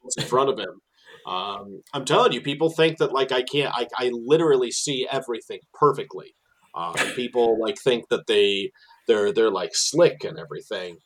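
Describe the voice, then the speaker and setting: A man, working as a tour guide, telling animated stories in casual chat with many fillers and restarts. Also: normal speed, rough recording. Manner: animated storyteller, many fillers and restarts, drops low for asides.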